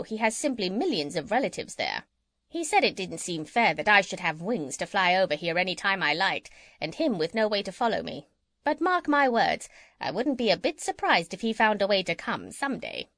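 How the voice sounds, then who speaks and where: A woman's voice: medium pitch, no room sound. Woman reading a chatty lady parrot, bouncy voice, no room sound at all. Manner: lively, chattering storytelling. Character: chatty, gossipy female parrot. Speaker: audiobook reader. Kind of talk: children's audiobook character reading.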